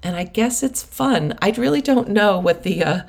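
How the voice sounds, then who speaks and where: A middle-aged woman, a prosperity coach and host, talks in a mid-range, creaky, slightly mellow voice with lively intonation at a moderate pace. Her casual monologue meanders from story to story with plenty of laughs and asides.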